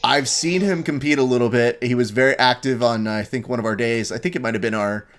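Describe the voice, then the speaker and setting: A man hosts a casual live stream and tells stories with animated energy. He swears freely and talks in a loose, conversational way. His voice sits at an ordinary middle pitch. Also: a little fast. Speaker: host.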